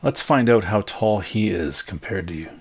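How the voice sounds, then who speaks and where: A man narrating a tabletop game as game master, laid-back and pausing often with fillers. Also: lowish voice, animated, slightly rough.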